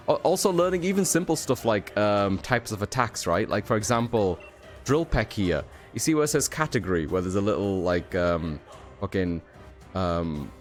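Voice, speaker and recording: A tired young man chats through a video game, slightly low-pitched and rambling, tossing in fillers and offhand swears. Faint game music plays underneath him. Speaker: streamer. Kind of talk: casual gameplay commentary.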